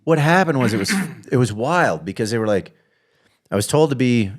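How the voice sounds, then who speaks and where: A man co-hosting a podcast, joking in quick casual back-and-forth. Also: medium pitch, expressive. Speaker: podcast co-host, comedian. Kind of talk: casual chat.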